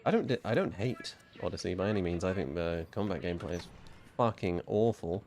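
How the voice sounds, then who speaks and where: A man's voice: low voice, lively intonation, fairly quick, a little mellow, a little hiss or hum. A man giving laid-back, casual commentary while he streams a game and swears freely.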